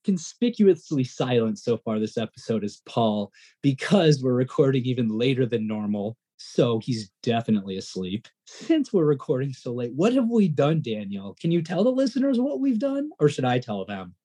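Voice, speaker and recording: Male co-host, excitable, rambling talker, mellow husky tone. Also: medium pitch, normal speed. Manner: excitable, rambling, self-deprecating. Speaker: podcast co-host. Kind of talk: casual podcast chat.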